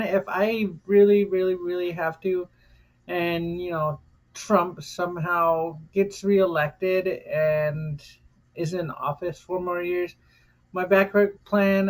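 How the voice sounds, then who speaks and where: Slow-talking defiant woman vlogger. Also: lowish voice. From United States. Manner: defiant, cursing freely; repeats phrases for emphasis. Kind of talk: impassioned vlog rant.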